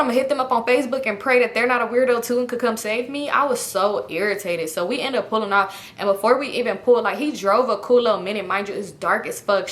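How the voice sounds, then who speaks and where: Bright-voiced woman telling a storytime. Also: mid-range voice. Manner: animated, profane, acts out quoted voices. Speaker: storytime vlogger. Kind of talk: casual storytime.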